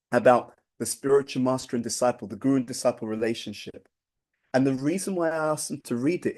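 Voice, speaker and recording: A man's voice: mid-range voice, mellow. A man giving an informal spiritual talk, speaking conversationally, often restarting phrases and checking in with "right?".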